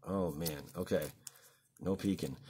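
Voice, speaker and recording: A man hosting a card-opening video in a casual, excitable way, swinging from hushed talk to shouting. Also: low-pitched, unhurried, slight background noise.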